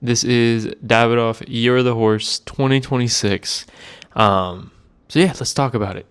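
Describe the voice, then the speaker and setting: A man's voice: medium pitch, steady tone, measured pace, smooth. A man in his twenties telling a rambling, laid-back story to camera in a casual vlog, with a self-deprecating manner. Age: 20s. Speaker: cigar vlogger.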